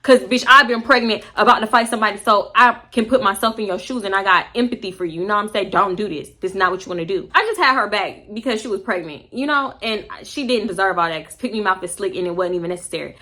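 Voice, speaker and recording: A woman vlogger telling a story in a blunt, animated, profane way. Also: mid-range voice, fast talker, hardly any pauses. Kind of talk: casual storytime.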